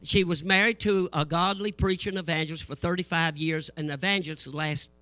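An older preacher with a high, piercingly bright voice spins folksy church stories. He acts out the people in them with lively energy, and the sound is close and dry. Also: brisk, no echo. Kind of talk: humorous sermon storytelling.

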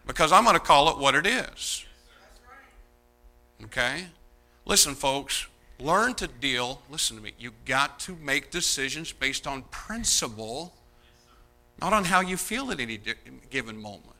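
A man preaching a sermon as pastor, animated and mocking, swinging between loud outbursts and hushed asides. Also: mid-range voice, measured pace.

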